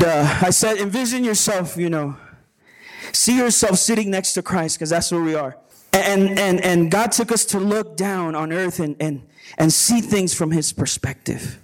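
High-voiced man preaching a slow sermon. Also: poor audio. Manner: repeats words, calls to the crowd for agreement. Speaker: pastor. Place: retreat gathering before a live audience.

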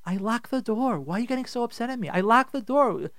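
A man voicing a half-awake wife who quietly and patiently insists she locked the door. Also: high-pitched, very animated, brisk, dry recording, clean studio sound, full character voice. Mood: sleepy.

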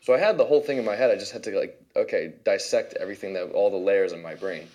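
A man's voice: on the low side, quick pace, a little mellow. A man, a musician and producer, casually walking through how he built his song, chatty and loose with lots of fillers. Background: faint playback of his own track.

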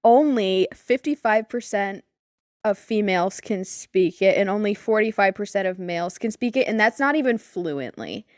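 A young woman co-hosting a podcast in casual chat, animated, swearing and laughing often. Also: medium pitch, moderate pace, no echo, studio quality. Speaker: podcast co-host.

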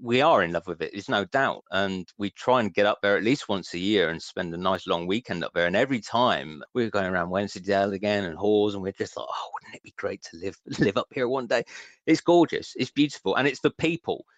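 A man's voice: fairly low pitch, expressive, brisk, few pauses, no echo, dull audio. A man in his thirties with a West Country accent, a book author talking eagerly and chattily as a radio interview guest, often restarting his words. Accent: West Country English. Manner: enthusiastic, chatty, with frequent restarts. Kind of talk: radio interview, casual chat.

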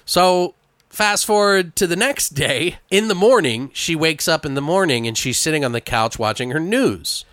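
A man hosting a podcast, telling a story in casual chat, animated and trying not to swear. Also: a little high, normal speed, no echo, clean studio sound. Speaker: podcast host.

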